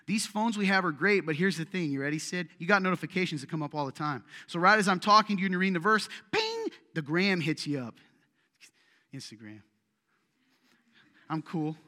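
A man's voice: sits high, very animated, brisk, bright, forceful tone, in a large hall. A man preaching a sermon to his church, teasing and joking with the congregation in a casual, conversational way. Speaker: pastor. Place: church sanctuary.

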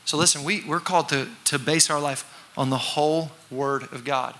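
A man preaching a sermon to a congregation, talking conversationally, acting out voices and sometimes shouting for effect. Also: on the high side, steady tone, moderate pace. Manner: conversational with congregation call-and-response. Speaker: pastor.

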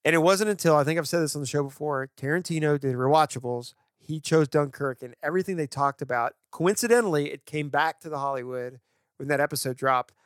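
A man co-hosting a podcast, chatting about movies with enthusiastic, animated storytelling. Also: fairly high pitch, fairly quick, no echo, clean studio sound. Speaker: podcast co-host. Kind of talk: casual film discussion.

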